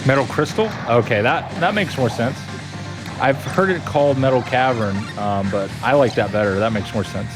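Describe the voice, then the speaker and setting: A man's voice: mid-range voice, moderate pace. A man streaming a video game live, upbeat and playful as he chats with his viewers. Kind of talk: casual live-stream chat while gaming. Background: game music.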